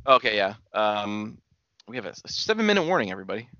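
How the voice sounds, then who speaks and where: A man's voice: fairly low pitch, very animated, fast, sharp tone, no room sound, muffled recording. A man co-hosting a casual wrestling podcast, laid-back and agreeable. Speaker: podcast co-host. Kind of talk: casual wrestling recap chat.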